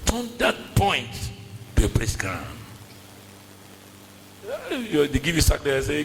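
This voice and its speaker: A man's voice: on the high side, huge pitch swings, takes it slowly, creaky, long pauses, big-room sound, soft background music, low-quality recording. A man preaching a sermon in a church with a West African accent, emphatic and repetitive, calling out to the congregation. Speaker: pastor.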